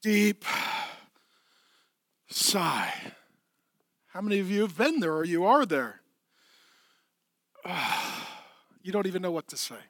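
A man preaching a sermon as pastor, emphatic, dropping to a soft hush at times. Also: high-pitched, sing-song, fast talker, dry recording, studio quality.

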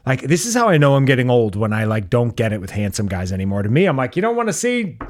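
A man's voice: lowish voice, expressive, quick pace, no room sound, clean studio sound. Wry, profane male podcast host. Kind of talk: casual comedic chat.

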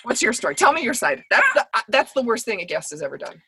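A woman podcast co-host telling a story in casual chat, with a profane, animated ranting delivery. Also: fairly high pitch, fast, vocal fry, slightly rough.

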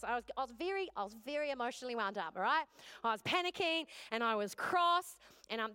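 A woman's voice: mid-range voice, a bit bright, smooth. A woman pastor, preaching a sermon in a candid, conversational storytelling way.

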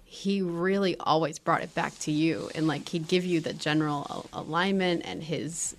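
A yoga teacher chatting casually, laughing often and now and then dropping to a whisper. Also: female voice, sits low, steady tone, normal speed, a little hiss or hum. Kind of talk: casual chat.

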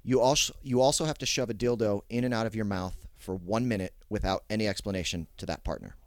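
A man hosting a casual comedy podcast, laying out absurd scenarios in a deadpan way. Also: on the low side, quick pace, dry recording. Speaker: podcast host.

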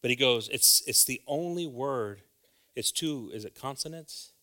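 A man preaching an informal sermon, talking conversationally and checking in with the congregation, then building to loud, fervent exhortation. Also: medium pitch, unhurried. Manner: conversational, often asks the congregation "right?".

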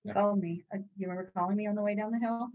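Woman, mid pitch, podcast guest, lively storyteller, casual chat. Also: very fast, dull audio. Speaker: podcast guest, runner's wife.

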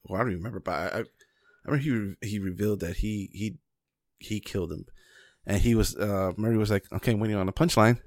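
Low-voiced man, dry close sound. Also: quick pace, dry recording. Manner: steady backchannel, hesitant recall with restarts. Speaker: podcast co-host. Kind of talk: casual movie review chat.

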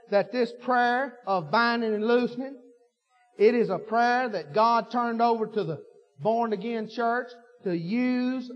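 A man preaching a sermon, folksy and fervent, repeating himself and building to shouts. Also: high-pitched. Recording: dull lo-fi recording with long hall reverb.

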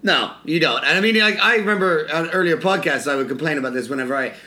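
A man's voice: fairly high pitch, animated, fast, pushed and bright. A man co-hosting a podcast, talking casually in a chatty, profane way. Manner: chatty, profane, lots of "like" fillers. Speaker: podcast co-host.

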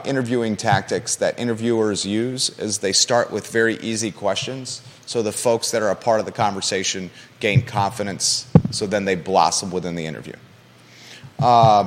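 A man's voice: medium pitch, in a large hall. A man hosting a live local talk show from a studio, passionate and emphatic, often repeating his key points.

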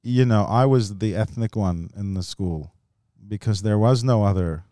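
Raised between the US and Australia, this comedian guest wanders through personal anecdotes in podcast chat, frequently breaking into laughter. He speaks at a moderate pace in a lowish, warm voice, and the recording is dry and studio quality.

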